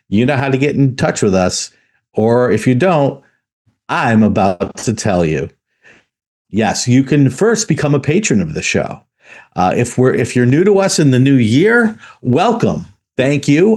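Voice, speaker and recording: A man hosting a tabletop gaming podcast, reading out patron credits in a steady, even way. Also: mid-range voice. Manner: steady, even delivery reading a list of names. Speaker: podcast host.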